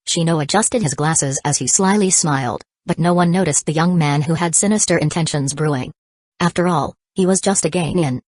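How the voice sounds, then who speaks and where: A woman narrating a novel as an audiobook in an even, steady reading manner. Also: deep voice, brisk, dry recording.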